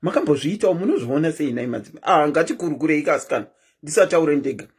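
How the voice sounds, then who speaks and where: A woman's voice: deep voice, expressive, quick pace, darkish tone, breathy edge. A woman hosting a live stream, chatting casually and keeps asking her viewers questions.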